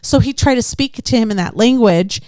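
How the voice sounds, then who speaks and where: A woman's voice: fairly high pitch, expressive, fairly quick, darkish tone, no echo, studio quality. A woman in her forties co-hosting a podcast, talking in a chatty way and laughing often. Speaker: podcast co-host. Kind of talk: casual chat.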